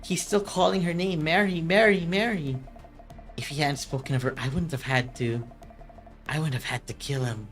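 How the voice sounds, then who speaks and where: A streamer voicing a vengeful woman who poses as a ghost, speaking low, brooding and menacing in a game. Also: steady tone, normal speed, a bit bright, faint music behind, lightly acted. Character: vengeful woman posing as a ghost, cold and grim.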